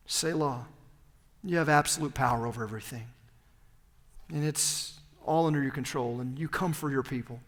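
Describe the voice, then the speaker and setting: A male pastor preaching a sermon, swinging between loud, emphatic peaks and hushed, low phrases. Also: big-room sound.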